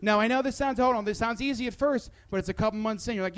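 A young man with a high voice, doing stand-up and then chatting. His talk is playful and jokey, full of fillers and restarts. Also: fairly even intonation, very fast, hardly any pauses, clear, resonant tone. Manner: playful, hesitant with many fillers. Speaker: stand-up comedian. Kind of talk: comedy bit then casual interview chat.

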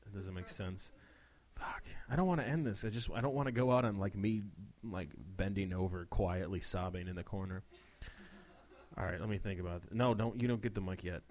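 A man's voice: lowish voice, fairly quick, darkish tone. A man stepping out of a comedy bit to chat casually, self-deprecating and swearing freely. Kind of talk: improvised comedy sketch.

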